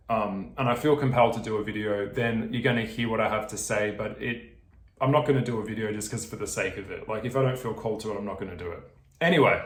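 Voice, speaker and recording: A video creator with an Australian accent and a lowish, reverberant voice speaks straight to his viewers in casual vlog chat. He swears, rants and laughs as he goes.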